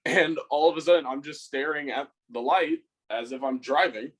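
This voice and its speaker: A young man co-hosting a podcast rambles through a story about a fight, swearing a lot and acting out his own lines. His voice sits a little high with a breathy edge, moving at a moderate pace, and the recording is rough.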